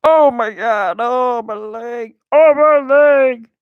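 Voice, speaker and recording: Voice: medium pitch, slow pace, smooth, no echo, lo-fi sound, pitched above the performer's own voice, close to an everyday voice. A gamer putting on a whiny old grandpa. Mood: groaning. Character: creaky old grandpa character, whiny and complaining. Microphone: close microphone.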